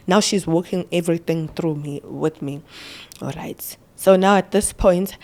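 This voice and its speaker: A young woman with a South African accent recounts her story in a low, grounded voice. She halts and stammers, repeats words, and drifts between English and isiZulu mid-sentence. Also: darkish tone. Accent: South African, mixing isiZulu and English. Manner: halting, stammering repetitions. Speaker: podcast guest. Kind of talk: personal storytelling interview.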